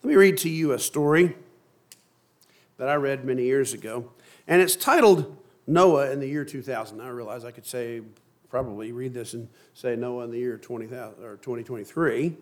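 A pastor giving a sermon in a conversational, lightly humorous storytelling manner. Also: male voice, mid-range voice, moderate pace.

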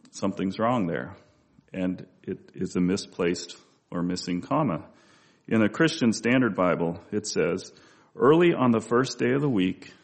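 Guy with a low gravelly voice teaching from the bible, chatty and loose. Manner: conversational, with asides and restarts. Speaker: preacher. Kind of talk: Bible study sermon.

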